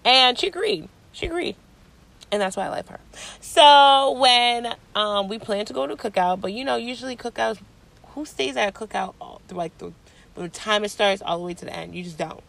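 A young woman hosting her own show, telling a casual story in a blunt, profane, animated way. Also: fairly high pitch, a little fast, gravelly. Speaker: podcast host.

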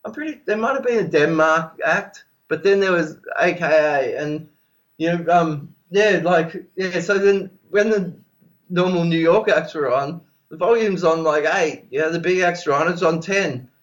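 A man's voice: on the high side, normal speed, poor audio. A man with an Australian accent, a podcast guest telling rambling stories in casual chat, swearing freely and laughing as he goes. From Melbourne, Australia.

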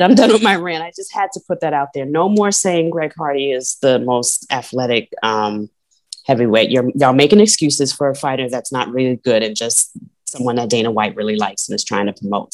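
A woman co-hosting a casual sports podcast, talking in an animated, profane ranting way with frequent laughs. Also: extremely low pitch, fairly quick. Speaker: podcast co-host.

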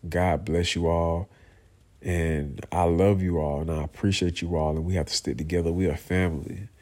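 A man with a very deep, low voice talks straight to his viewers in a heartfelt personal monologue. He sounds emotional and earnest, and speaks haltingly. He restarts his sentences, repeats phrases and keeps saying "you know" and "man". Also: fairly even intonation, darkish tone. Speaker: vlogger, father speaking to viewers.

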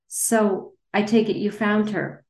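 A woman voicing a scheming, smooth-talking Italian man in a book reading. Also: sits high, slow, voice pushed up, heavily acted. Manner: smooth, easygoing flair. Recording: roomy echo.

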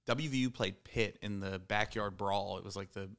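A man's voice: lowish voice, steady tone, normal speed, a bit bright. A man in his thirties from the Pittsburgh area, telling rowdy, profane stories as a guest in a casual podcast chat. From Pittsburgh area, USA.

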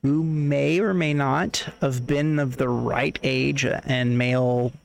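A man's voice: mid-range voice, steady tone, slow pace, creaky. A man on a podcast talking casually and at length, circling back to his points. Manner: thoughtful, rambling family storytelling. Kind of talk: casual chat.

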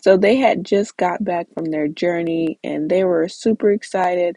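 A woman's voice: on the low side, measured pace, warm tone, no echo, low-quality recording. A woman leading a casual Bible study, reading scripture aloud and explaining it in a chatty way with many "like"s and small restarts. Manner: conversational, with frequent "like" and small restarts.

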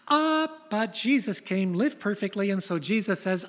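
An older man preaching a sermon, telling stories in an animated way and dropping to a whisper for emphasis. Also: sits high, normal speed, few pauses. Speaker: pastor. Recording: long reverb of a large hall.

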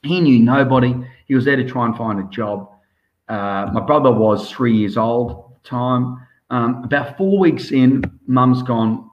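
A man's voice: medium pitch, measured pace. A man in his forties with an Australian accent, a guest in a casual interview, talking emphatically, repeating himself and saying mate a lot. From South Africa. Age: 40s. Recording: muffled lo-fi audio.

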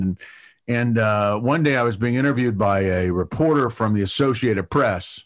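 A middle-aged man recounts a story as an interview guest, voice at an ordinary pitch. He stumbles through fillers and repeated words, then pushes on eagerly. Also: moderate pace. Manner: animated anecdote-telling with many fillers and restarts. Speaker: TV producer guest.

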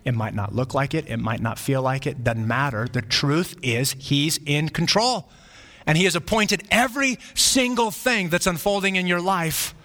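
A bright, ringing male voice pitched well above the usual, preaching with earnest repetition. His sermon carries the long reverb of a church hall. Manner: earnest preaching with repeated phrases. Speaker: pastor.

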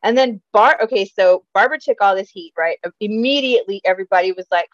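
A woman's voice: on the high side, moderate pace, hardly any pauses, no echo, highs cut off. A woman co-hosting a podcast, chatting casually about celebrity gossip with lots of swearing and laughter. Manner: profane, animated, laughs a lot. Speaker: podcast co-host.

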